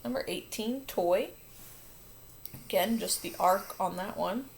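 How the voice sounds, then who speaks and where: A woman's voice: medium pitch, slow, vocal fry, a little hiss or hum. A woman teacher walking children through a phonics lesson, upbeat and patient, catching and fixing her own slips. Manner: upbeat, patient, self-correcting.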